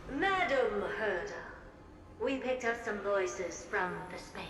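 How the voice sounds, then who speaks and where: A woman voicing an eerie living mirror servant in a game, speaking in a slow, fawning manner. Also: medium pitch, very animated. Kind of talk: game voice acting. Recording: echoey and distant with noise.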